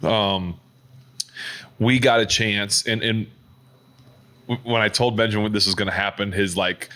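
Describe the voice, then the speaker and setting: Man, low-pitched, casual podcast chat, rambling, full of fillers. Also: fairly even intonation, unhurried, pushed and bright. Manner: rambling, many fillers and restarts. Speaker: podcast co-host.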